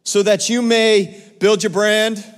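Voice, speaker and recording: High-voiced pastor preaching in an echoing hall. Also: male voice, little pitch movement, takes it slowly, clean tone. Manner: calls to the congregation for responses, emphatic with frequent repeats. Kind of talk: sermon. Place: church sanctuary. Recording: long church hall reverb.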